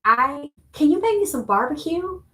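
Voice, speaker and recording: Brief: woman doing a gushing young woman, sweet and coaxing, voice pitched up. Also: big pitch swings, moderate pace, fairly bright tone.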